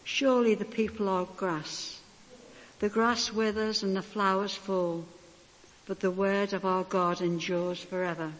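Scripture reader, calm and measured, mid pitch, long hall reverb. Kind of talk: Bible reading. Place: church hall.

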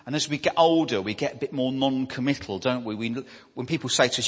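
A man preaches in a church and talks to the congregation as if chatting, often asking "isn't it?" and "don't we?". His voice is somewhat husky. A long reverb from the large hall follows his words. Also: mid-range voice, fast talker, hardly any pauses, fairly bright tone. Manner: conversational, with tag questions. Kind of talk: sermon.

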